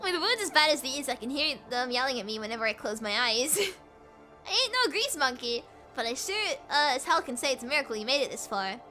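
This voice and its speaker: Gruff old Southern man, put on by a woman reading aloud, folksy and rough-mouthed, swoopy delivery. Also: high-pitched, expressive, fairly quick, bright, forceful tone, faint music behind. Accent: put-on American Southern. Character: gruff old male scavenger with a drawl.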